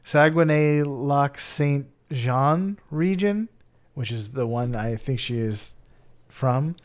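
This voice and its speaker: A man co-hosting a podcast in casual chat, chatty and quick to laugh, sometimes stumbling over words. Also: medium pitch, steady tone, a little mellow. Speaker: podcast co-host.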